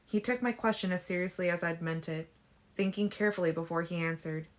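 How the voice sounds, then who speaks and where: A woman narrating a novel in the first person for a fan-made audiobook, steady and subdued. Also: on the low side, fairly quick. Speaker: audiobook reader.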